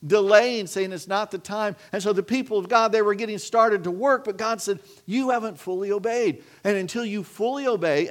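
A middle-aged man preaching a sermon in a conversational way, often repeating and restarting his words. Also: high-pitched. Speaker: pastor.

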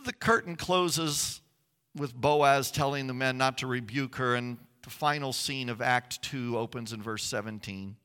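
A man preaching a sermon, telling stories with swings from hushed tones to loud, emphatic passages. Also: mid-range voice, measured pace, clean tone, in a large hall. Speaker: pastor.

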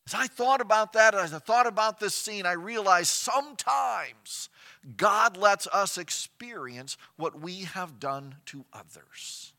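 Pastor, male, bright slightly high voice, storytelling sermon with rhetorical questions. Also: expressive, measured pace. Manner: storytelling preacher, rhetorical questions, varies loudness for emphasis.

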